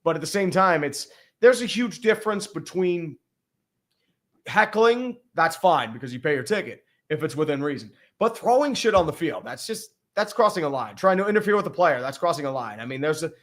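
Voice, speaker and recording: A man's voice: fairly high pitch, animated, normal speed, fairly bright tone. A man hosting a casual sports livestream, talking in a blunt, rambling, profanity-heavy way. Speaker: podcast host.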